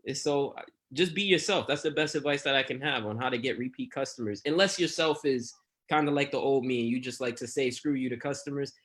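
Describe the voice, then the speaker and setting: A man with a New York accent, a guest in a casual interview, who tells lively stories and acts out his talks with customers. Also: medium pitch, fast talker. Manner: animated storyteller who acts out customer exchanges. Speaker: guest phone reseller.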